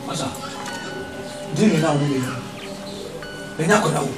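An actor with a Ghanaian accent playing a mocking buyer who offers a low price, taunting and sing-song. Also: male voice, extremely slow, echoey room, recorded from a distance, music in the background.

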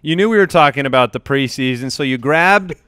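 A man's voice: mid-range voice, expressive, a little fast, fairly bright tone, clear, resonant tone, no echo, clean studio sound. A man hosting a podcast in casual chat, upbeat and joking as he runs the show. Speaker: podcast host. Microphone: studio podcast mic.

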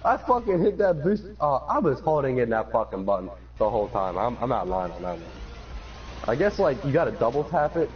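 A man's voice: medium pitch, animated, fairly quick. A man streaming a game with a friend, joking, swearing often and putting on silly voices for the characters on screen. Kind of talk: casual gameplay chat with a friend. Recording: dull lo-fi stream audio with faint hiss.

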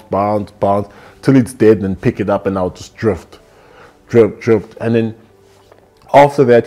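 A young South African man, a rugby player, telling candid stories in an interview in a relaxed, rambling way, acting out the dialogue. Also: on the low side.

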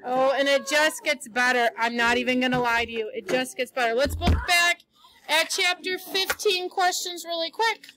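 A woman teacher reading a novel aloud to her class, then chatting briskly and teasingly about questions. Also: high-pitched, background noise.

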